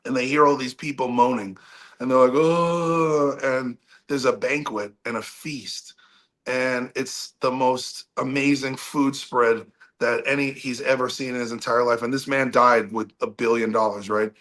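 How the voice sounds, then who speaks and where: A man with a mid-range voice, a rock singer talking as a podcast guest. He tells a long story in a casual, animated way, restarting his sentences often. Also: mid-range voice, moderate pace.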